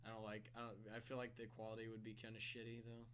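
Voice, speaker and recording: A man's voice: lowish voice, completely flat delivery, fast. A young man co-hosting a podcast in casual chat with a friend, rambling, swearing, stuttering and laughing often. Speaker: podcast co-host. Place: room with a friend.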